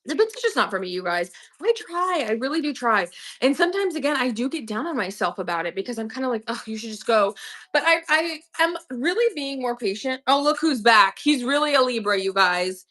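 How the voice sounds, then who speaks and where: A young woman with a slightly high voice chats on her livestream. She is talkative and slangy, addressing viewers directly. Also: very animated, brisk, fairly bright tone. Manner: chatty, slangy, talks to viewers and her pet. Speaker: online reseller hosting a livestream. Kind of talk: casual livestream chat.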